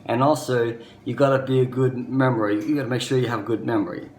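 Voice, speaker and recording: A man's voice: mid-range voice, steady tone, fast talker. A man in his thirties with an Australian accent, telling a personal story to camera in an earnest, rambling way, often leaning on "basically" and "you know". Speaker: vlogger. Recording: echoey room with faint background noise.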